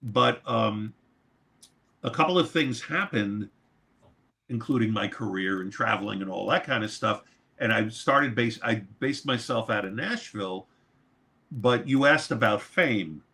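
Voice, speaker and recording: A man's voice: fairly low pitch, a little slow, vocal fry. A man from New York, a record producer and mixer, telling a long story as an interview guest, swearing freely. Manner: animated, swears freely, laughs mid-story.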